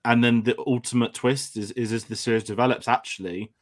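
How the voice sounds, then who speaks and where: A man's voice: medium pitch, steady tone, a little fast. An English man talks through a film in an easy, rambling way. He often restarts his sentences and piles on fillers as he works his way toward a point. His voice sits in a middle register. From England. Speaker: film discussion host. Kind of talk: casual film chat.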